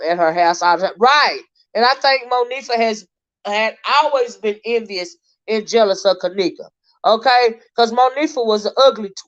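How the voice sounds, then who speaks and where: A woman hosting a casual livestream commentary, talking straight to her viewers. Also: mid-range voice. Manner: chatty, talks straight to viewers, halting restarts while reading posts aloud. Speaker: livestream host. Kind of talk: casual commentary on a crime case. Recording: slightly dull lo-fi stream audio.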